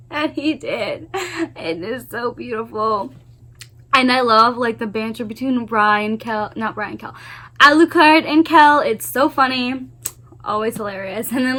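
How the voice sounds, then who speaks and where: A woman's voice: fairly high pitch, a bit bright. A woman book vlogger giving a gushing, emphatic spoiler review of a novel series, swearing often and repeating her exclamations.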